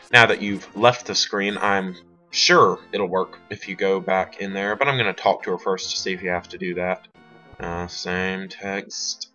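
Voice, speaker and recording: A man with a lowish, bright, forceful voice chats through a game walkthrough, cracking jokes and drifting into side tangents. The recording is dull and lo-fi, with faint game music underneath. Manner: rambling, joking, wanders into tangents. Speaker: let's play commentator. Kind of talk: casual game walkthrough commentary.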